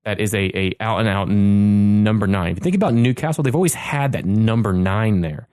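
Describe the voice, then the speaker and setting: A man hosting a casual podcast, talking quickly and eagerly, often tripping over his words. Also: lowish voice, a little mellow, clean tone, no room sound, studio quality. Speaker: podcast host. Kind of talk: casual chat.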